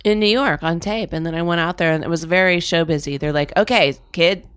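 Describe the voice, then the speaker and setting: Guest spot: middle-aged woman, deep-toned, lively anecdotal chatter. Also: fast talker, clean tone. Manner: animated storytelling, lots of "like". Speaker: guest actress. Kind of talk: casual chat.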